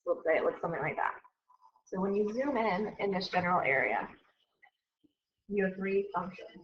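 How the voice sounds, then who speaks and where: A woman's voice: medium pitch, animated, normal speed. A woman teacher giving a casual classroom math lecture, chatty and often correcting herself. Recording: dull lo-fi recording.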